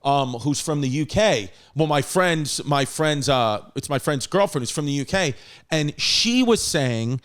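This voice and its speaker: A man in his thirties with a New York accent, hosting a podcast in casual, profane, animated chat and laughing often. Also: a little high, a little slow. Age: 30s. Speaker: podcast host.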